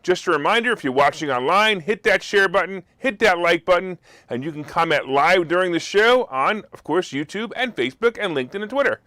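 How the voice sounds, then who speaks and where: A man hosting a markets talk show, talking in a sarcastic, animated way, now and then bursting into loud mock outrage. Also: sits high, fairly quick, hardly any pauses, no room sound, studio quality. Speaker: host. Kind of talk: opinionated market commentary.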